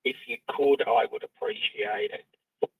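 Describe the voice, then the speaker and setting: Man, stream co-host, calm questions, raspy, dry close sound. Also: medium pitch, a little slow, dry recording, rough recording. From Australia. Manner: calm, asks technical questions. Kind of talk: casual live-stream chat.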